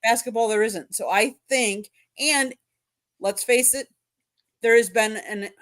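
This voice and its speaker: A woman on a sports talk panel, casually explaining her point step by step with examples. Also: mid-range voice.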